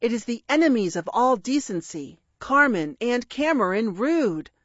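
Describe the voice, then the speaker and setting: A woman's voice: fairly high pitch, very animated, normal speed, fairly bright tone, no room sound, muffled recording. A woman voicing a small, righteous boy superhero who lectures wrongdoers sternly, read in a storybook.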